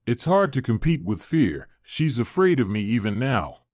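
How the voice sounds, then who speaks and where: A man voicing a teasing, blunt old village witch-healer woman with a creaky voice, in a storybook reading. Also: mid-range voice, big pitch swings, moderate pace, darkish tone, no echo, clean studio sound. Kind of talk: storybook narration.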